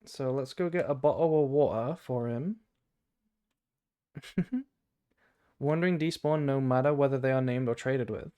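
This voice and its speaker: A man's voice: mid-range voice, measured pace, pauses often, dark tone, clean tone. A man with a British accent streaming a game, thinking aloud in rambling casual chat. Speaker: gaming streamer.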